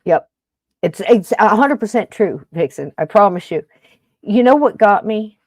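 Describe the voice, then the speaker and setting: A woman's voice: medium pitch, expressive, a little slow, no room sound. A woman podcast host telling a funny story in casual chat, acting out both sides of a phone call with jokes.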